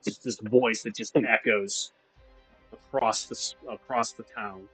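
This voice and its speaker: A man running a tabletop game as game master, describing scenes at length with many pauses and restarts. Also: lowish voice, steady tone, fairly bright tone, slightly rough, no room sound, poor audio. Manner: descriptive, with frequent fillers and restarts. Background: faint music.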